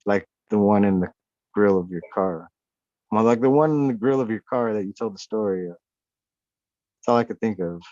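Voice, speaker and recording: A man's voice: lowish voice, normal speed, long pauses, no echo, highs cut off. A man chatting as a podcast guest from an off-grid homestead, rambling and swearing freely. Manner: rambling, profane, excitable. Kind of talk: casual chat.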